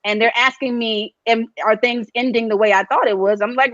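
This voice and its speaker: Reality-show contestant, woman, lively storyteller who slips into quoted voices; close dry mic with a dull lo-fi tone. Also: a little high, a little fast, no room sound. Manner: animated storyteller, acts out quotes of others. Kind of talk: casual interview chat.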